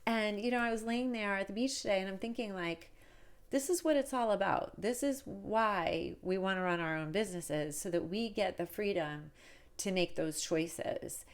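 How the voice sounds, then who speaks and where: A woman's voice: medium pitch, moderate pace. A woman in her forties who runs a cake business, telling a candid, chatty story to the camera and laughing often. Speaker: wedding cake business owner and coach. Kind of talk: casual vlog storytelling.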